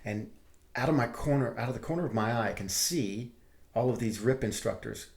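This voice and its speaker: A man from Texas, a guest on an interview show, telling his army stories in a lively, chatty way. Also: medium pitch, a little fast. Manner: lively storyteller who acts out his quotes. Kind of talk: casual storytelling interview.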